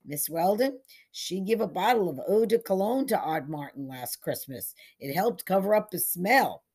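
A woman's voice: on the low side, lively intonation, moderate pace, darkish tone, husky. A woman reading aloud, voicing a sly, gossipy small-town barber who teases his customers. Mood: teasing. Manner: gossipy, teasing.

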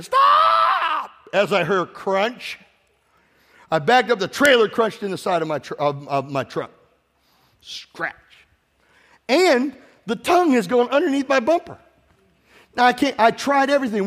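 High-voiced preacher in a reverberant hall. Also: male voice, lively intonation, normal speed. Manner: exhorting, calls for congregation responses, tells personal stories. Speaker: pastor. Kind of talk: sermon. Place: church sanctuary with congregation. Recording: long reverb of a large hall.

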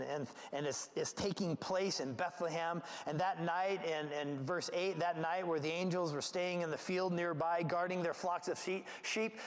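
Give me a male pastor with a high voice giving a conversational, animated sermon in a long-reverb hall. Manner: conversational, animated, with restarts and asides. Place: church gathering.

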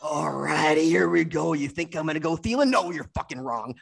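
Casual male co-host, gravelly raspy voice, swears through playful mock-serious trash talk. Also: a little high, expressive, a little fast, hardly any pauses, a bit bright. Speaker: podcast co-host. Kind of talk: casual joking banter.

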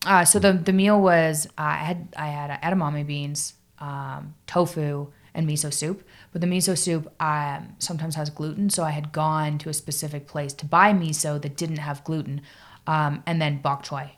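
A woman with a low voice speaks as a podcast guest. She tells her story casually, in a halting way, full of fillers and "like". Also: steady tone. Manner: halting, filler-heavy, lots of "like".

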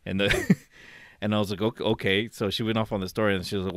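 Brief: man in his 40s, lowish voice, dry close sound, casual swearing storyteller. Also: level tone, quick pace, fairly bright tone, no room sound. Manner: profane, laughing, acts out quoted people.

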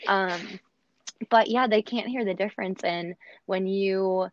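A woman's voice: mid-range voice, measured pace, dry recording. A young American woman who talks animatedly, telling stories in a casual chat with lots of fillers. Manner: animated, storytelling, many fillers. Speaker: guest, former au pair. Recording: dull, dry lo-fi recording.

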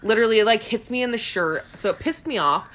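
A woman's voice: a little high, fast talker, fairly bright tone. Blunt, foul-mouthed woman storyteller. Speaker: podcast co-host. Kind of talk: casual chat.

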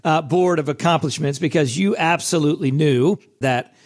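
Hoarse, chatty male podcast host. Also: on the high side, normal speed. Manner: chatty and self-deprecating, upbeat. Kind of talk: casual solo podcast talk.

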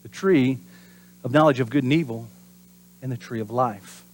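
A pastor delivering a sermon in an animated preaching manner. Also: male voice, medium pitch, normal speed. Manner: animated preaching, acts out voices and drops to whispers for emphasis.

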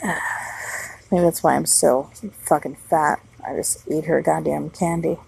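Very husky, gravelly-voiced profane mom. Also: female voice, low voice, steady tone, slow pace, darkish tone, rough recording. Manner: blunt, heavily profane rambling talk. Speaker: mother of young children. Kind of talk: casual solo vlog monologue. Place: outdoors at night.

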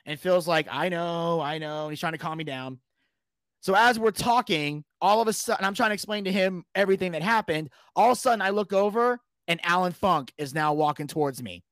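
A man casually telling a story, animated, swearing freely and shouting out the lines he quotes. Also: sits high, a little fast, no echo. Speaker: podcast guest telling a story.

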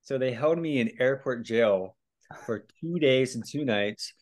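A man's voice: mid-range voice, a little slow. A young man from Hawaii, a podcast guest telling stories casually, laughing often, swearing and acting out the lines of others. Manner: animated, laughing, swears often, acts out quotes. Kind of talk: casual storytelling.

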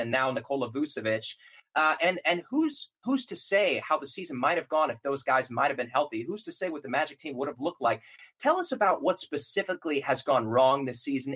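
Fast-talking upbeat male podcast host. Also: medium pitch, a bit bright. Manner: upbeat, chatty. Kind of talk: casual sports podcast chat.

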